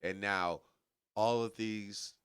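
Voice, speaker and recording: A man's voice: fairly low pitch, steady tone, slow, fairly bright tone, smooth, dry recording, studio quality. A young man hosting a casual podcast chat, joking and laughing often with his guest. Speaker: podcast host. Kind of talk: casual conversation.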